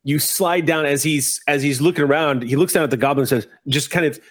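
A man running a tabletop game as game master, narrating scenes with animated, laughing energy. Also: on the high side, quick pace. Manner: animated, laughing, swears freely.

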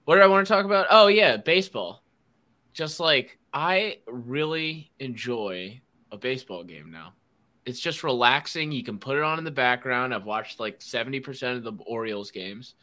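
Man, podcast host, bright voice, animated storyteller, casual chat. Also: mid-range voice, normal speed. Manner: animated storyteller, mimics people and accents.

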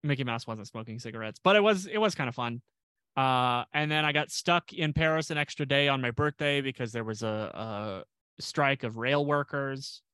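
A man co-hosts a podcast in easy, rambling chat, full of restarts and deadpan asides. His voice is crisp and smooth, recorded close and dry. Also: mid-range voice, normal speed, dry recording. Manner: rambling, restarts a lot, self-deprecating jokes. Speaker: podcast co-host. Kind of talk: casual chat.

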